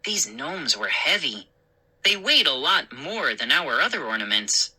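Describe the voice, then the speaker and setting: A woman reading a children's story aloud in an expressive, unhurried way. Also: rumbling low, slightly rough, rough recording.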